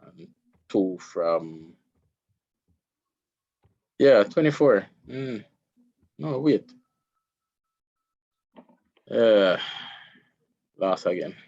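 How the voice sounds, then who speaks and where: A man's voice: lowish voice, lively intonation, very slow, vocal fry, pauses often, darkish tone, highs cut off. Man working sums aloud. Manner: thinks aloud while calculating. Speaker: student.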